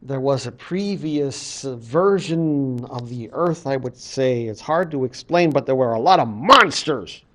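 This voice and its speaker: A man, a college professor, casually retelling a creation story in a lecture, animated and full of fillers. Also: mid-range voice, unhurried, hardly any pauses.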